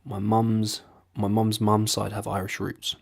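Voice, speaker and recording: Low gravelly man chatting casually. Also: monotone, a little slow. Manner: casual, self-deprecating, sweary. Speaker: video host. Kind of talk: casual vlog talk.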